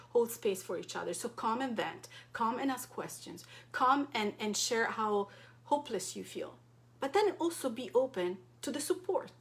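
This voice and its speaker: A European woman, a wellness coach, speaks to her support group straight into the camera in a mid-range, slightly bright voice with vocal fry. Her delivery is passionate and direct, full of rhetorical questions.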